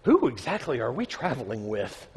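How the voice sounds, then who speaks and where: A man's voice: mid-range voice, huge pitch swings, normal speed, a little mellow. A man preaching a conversational sermon, reading scripture aloud and joking with the congregation. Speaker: pastor. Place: church sanctuary. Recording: reverberant church hall.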